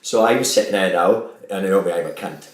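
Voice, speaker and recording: A man co-hosting a boozy podcast chat, swearing freely and telling lively anecdotes. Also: low-pitched, brisk. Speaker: podcast co-host. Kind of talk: boozy casual chat, storytelling. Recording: echoey room.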